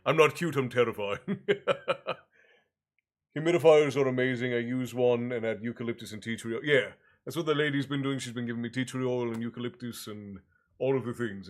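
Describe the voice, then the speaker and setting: A congested man hosting a livestream story hour, chatting loosely with viewers by name and stopping mid-phrase before he reads from a fantasy novel. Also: mid-range voice. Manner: rambling and self-interrupting, greets viewers by name. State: congested, low on breath. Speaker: stream host and storyteller. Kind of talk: casual chat with a live chat, then reading a fantasy novel aloud. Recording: soft music underneath.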